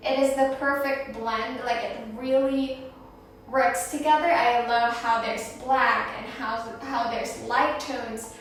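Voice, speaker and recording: A woman's voice: fairly high pitch, fairly even intonation, takes it slowly. Chatty woman in an echoey room. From Philippines. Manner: enthusiastic, shows off samples with a chatty, descriptive flow. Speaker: interior designer and vlog host. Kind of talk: casual design vlog talk to camera. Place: home under renovation, indoors. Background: background music, occasional banging.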